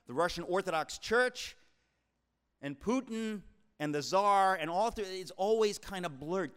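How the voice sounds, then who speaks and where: An author in his sixties from the New York area gives an emphatic, preacherly talk to a live crowd, calling them folks. His voice sits a touch higher than most men's. The sound carries the long reverb of a large hall. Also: clean tone. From New York tri-state area, USA. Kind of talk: speech to a live audience.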